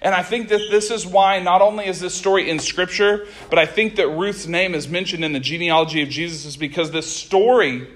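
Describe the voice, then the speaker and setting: A man preaching a sermon, reading scripture and retelling it in a conversational, animated way with casual asides. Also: sits high, brisk, few pauses.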